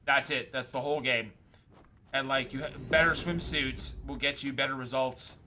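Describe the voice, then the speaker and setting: A man streaming a game, chatting casually and rambling excitedly through stories. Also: mid-range voice, moderate pace, slight background noise. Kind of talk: casual chat while gaming.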